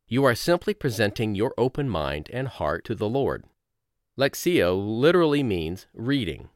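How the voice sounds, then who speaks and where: A man reading a devotional lesson aloud in a slow, reflective way with measured pauses. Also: fairly low pitch, big pitch swings, no room sound, studio quality. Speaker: course narrator.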